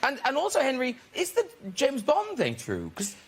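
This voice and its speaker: A man hosting a TV talk show, reacting playfully and asking his guests quick questions. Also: extremely high pitch, huge pitch swings, fairly bright tone. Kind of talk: casual chat, interviewing. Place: TV studio with audience.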